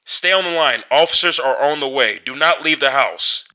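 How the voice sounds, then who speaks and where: A man voicing a police dispatcher giving firm, calm instructions over the phone. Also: on the high side, moderate pace, pitched above the performer's own voice.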